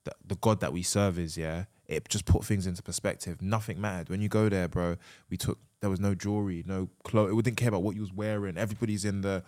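A man with a low voice talks in an earnest, reflective way, as a guest in a relaxed podcast chat. His phrases are short and sincere, full of casual slang. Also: fast talker, hardly any pauses.

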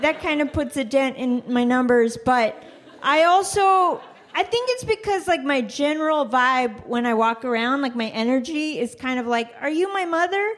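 Woman, stand-up comic, hesitant, self-deprecating, deadpan, high voice. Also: moderate pace, a little hiss or hum. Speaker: stand-up comedian. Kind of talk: stand-up set.

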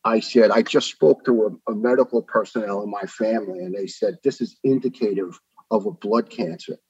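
Gravelly-toned older New storyteller. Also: male voice, on the low side, a little fast, no room sound, dull audio. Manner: animated storyteller who acts out the people he quotes. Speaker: retired firefighter telling his story. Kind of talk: storytelling in a podcast interview.

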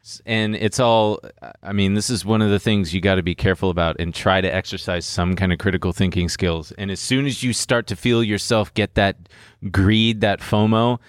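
A man's voice: lowish voice, steady tone, moderate pace, clear, resonant tone, no echo, studio quality. A young man hosting a casual podcast, joking around and rambling as he explains his trades. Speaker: podcast host. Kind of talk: casual crypto chat. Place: studio.

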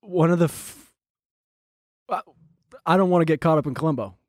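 A man's voice: fairly high pitch, normal speed, no echo, studio quality. A man from New Jersey co-hosting a podcast, easygoing and wry in casual chat. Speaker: podcast co-host.

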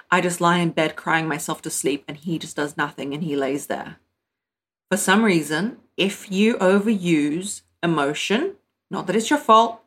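Blunt, emphatic woman relationship coach. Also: on the low side. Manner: blunt, emphatic, addresses listeners as "my loves" and "girl". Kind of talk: direct-to-camera advice talk.

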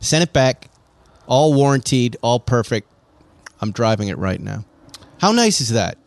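Animated man telling a car story. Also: mid-range voice, unhurried, vocal fry. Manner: animated storyteller acting out quoted voices. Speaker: podcast co-host. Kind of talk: casual chat, storytelling.

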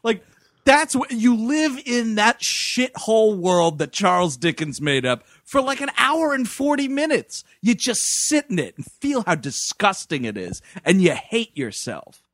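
A man co-hosting a podcast, retelling a film in an animated, profane, casual way. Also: high voice, unhurried, dry recording, clean studio sound. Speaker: podcast co-host.

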